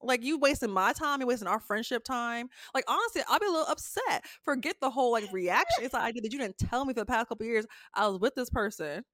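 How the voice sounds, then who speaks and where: Fairly high-voiced animated woman co-host. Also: fast talker, few pauses, no echo. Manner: animated, slangy, swears freely, acts out friends' lines. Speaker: podcast co-host. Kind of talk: casual chat.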